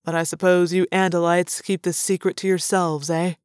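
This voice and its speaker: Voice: mid-range voice, flat delivery, normal speed, clear, resonant tone, close to an everyday voice. A reader voicing an adult human man who wonders aloud and sounds skeptical. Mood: amazed.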